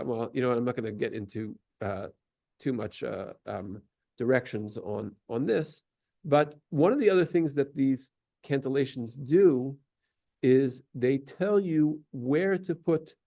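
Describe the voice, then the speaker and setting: A man with a gravelly, slightly creaky voice explains things patiently in a lesson at a synagogue. His pitch sits in the middle range, and he now and then sings a brief example. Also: lively intonation, a little slow, dark tone. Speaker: synagogue teacher. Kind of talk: explanatory lesson on Torah cantillation.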